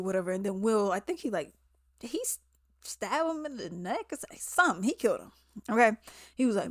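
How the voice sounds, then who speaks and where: A woman, casually recapping a movie, animated and exasperated, acting out the characters' lines. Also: mid-range voice, normal speed, pauses often, no room sound, studio quality. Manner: chatty and animated, acts out characters' lines in quotes; exasperated, sarcastic asides. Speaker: movie reviewer.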